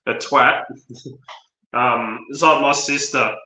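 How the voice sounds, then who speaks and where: A man's voice: mid-range voice, steady tone, slow, pushed and bright. A man from Australia with an Australian accent, chatting casually on a livestream with lots of ums. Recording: echoey room.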